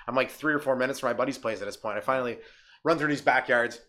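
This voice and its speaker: A man's voice: mid-range voice, fast talker, sharp tone. A young man telling a rambling, crude story in casual podcast chat, swearing a lot. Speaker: podcast host.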